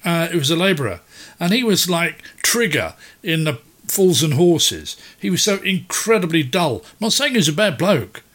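A man's voice: a little high, sing-song, moderate pace, fairly bright tone. Rambling man hosting a quiz. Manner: rambling, jokey, wanders off topic. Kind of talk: casual on-air chat.

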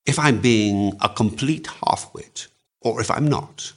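A man reading aloud and voicing a shrewd gentleman hero who speaks quietly and drily. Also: lowish voice, slow. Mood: calm. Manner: quiet, dry, level.

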